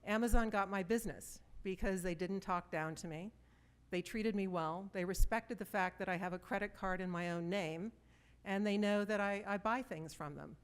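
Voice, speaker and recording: A woman's voice: medium pitch, moderate pace, clear, resonant tone. A woman in her fifties giving a presentation to a live audience, telling stories conversationally and putting questions to the listeners. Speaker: conference speaker.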